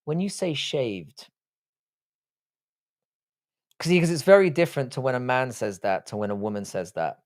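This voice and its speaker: Young man, live-stream host, blunt, crude, joking, swears a lot, mid-pitched voice, desk mic. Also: expressive, normal speed, long pauses. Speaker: livestream host reading chat. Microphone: desk microphone, seated.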